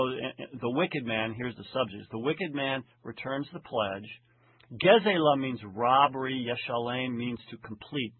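Male Bible lecturer, slow and deliberate with Hebrew readings, husky tone, lo-fi phone-like recording. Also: medium pitch. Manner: slow deliberate reading of Hebrew phrases, frequent "okay?" check-ins. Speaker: Bible teacher. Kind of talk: lecture on Hebrew grammar of scripture. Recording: husky voice over tinny phone-like line.

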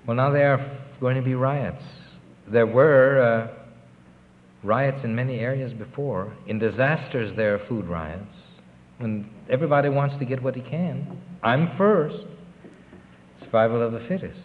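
An older man who does relief work tells earnest, rambling stories about his time abroad during a recorded interview, pausing often. His voice is medium in pitch with a little background noise. The tape sounds tinny and lo-fi, with a long reverb.

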